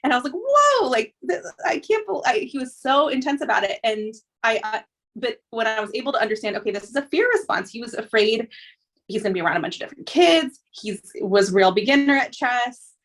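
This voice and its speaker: A woman hosting a podcast, talking in a relaxed, reflective way with many pauses and fillers. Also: fairly high pitch. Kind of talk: casual conversation.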